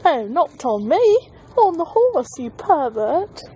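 High, lively woman teasing her friend. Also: takes it slowly, poor audio. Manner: teasing and sarcastic. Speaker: friend on the vlog. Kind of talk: casual vlog chat. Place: inside a big store. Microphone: friend's handheld phone camera. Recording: busy shop crowd behind.

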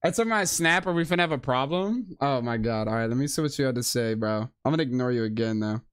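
A male streamer talks through a game in a loose, slangy way, his pitch swinging widely between low mutters and high exclamations. He swears freely, laughs often and chats straight to his viewers. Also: expressive, fast talker, clear, resonant tone. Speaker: live streamer. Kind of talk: casual gaming commentary.

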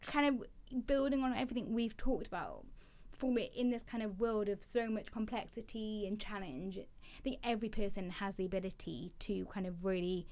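Lively storytelling woman, muffled recording. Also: mid-range voice, normal speed, few pauses. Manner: lively storyteller with hesitant restarts. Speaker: podcast guest, talent development leader. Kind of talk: casual interview chat.

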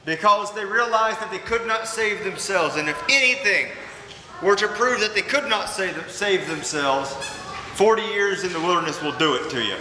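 A pastor with a voice that sits high preaches a sermon at a moderate pace in a large church sanctuary, earnest and emphatic and full of repetition. The audio echoes through the church hall, with background noise.

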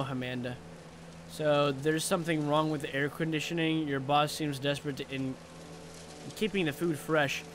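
A man's voice: a little high, noisy background. A young man playing a horror game, commentating with crude jokes and jumpy reactions. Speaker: gaming streamer.

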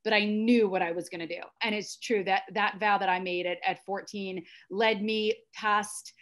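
A woman's voice: medium pitch, fairly even intonation, moderate pace, fairly bright tone. A middle-aged American woman telling her personal story as a podcast guest, earnest and intense. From United States. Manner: earnest and intense, with frequent restarts.

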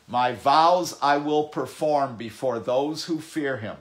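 A male pastor preaching a sermon. He reads scripture slowly and deliberately, repeats words as he thinks, and swings between loud, emphatic bursts and quieter stretches. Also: mid-range voice.

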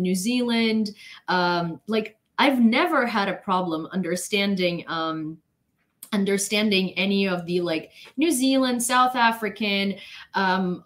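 A woman's voice: medium pitch, a bit bright. A woman from Ukraine streaming war news and chatting casually with her viewers. She giggles a lot and fills her talk with "like" and "um". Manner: chatty and giggly, heavy use of "like" and "um". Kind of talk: casual live chat with viewers.

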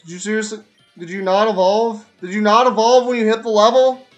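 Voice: mid-range voice, level tone, brisk, muffled recording. Playful trash-talking game streamer. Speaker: VTuber streamer. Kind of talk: casual gameplay commentary. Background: faint game music.

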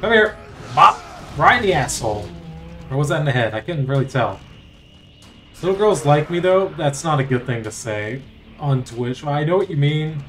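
A man's voice: a little high, animated, normal speed, a bit bright, faint music behind. A man streaming a video game, joking crudely and talking to the game and his chat in casual commentary.

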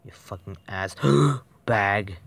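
This frustrated phone gamer has a fairly low, a bit bright voice with fairly even intonation and a slow pace. He swears constantly while commenting, lurching between muttered whispers and abrupt yelps.

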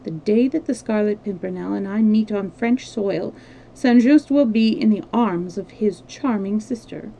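A woman reading the lines of a sly, sarcastic French male agent in a smooth, mocking voice. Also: mid-range voice, unhurried, a little hiss or hum, low-quality recording. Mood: sardonic. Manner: smooth, mocking, quietly menacing.

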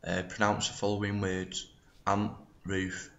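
Gravelly Manchester man reading words. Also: deep voice, monotone, unhurried, fairly bright tone. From England. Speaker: interviewee in a played clip. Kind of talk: reading a word list. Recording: dull lo-fi clip with faint noise.

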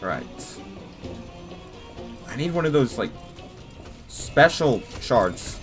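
A young man narrating a horror game run for his channel, lively and easily startled, his pitch leaping up and down as he reacts. Faint game music plays under his voice. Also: takes it slowly. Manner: jumpy, excitable, talks to viewers. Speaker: gaming YouTuber. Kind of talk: casual let's-play commentary.

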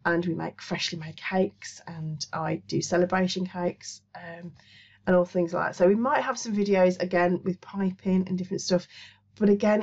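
A woman's voice: fairly low pitch, a little mellow, lo-fi sound. Chatty black country woman, rambling. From Black Country, England. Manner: rambling, chatty, lots of ums. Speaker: crochet and craft channel host. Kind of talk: casual chat to camera. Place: small home studio office.

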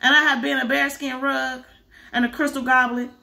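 A woman reading aloud as a lively, teasing old fairy godmother in a storybook, with a bright voice. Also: high voice, normal speed, vocal fry, exaggerated voice.

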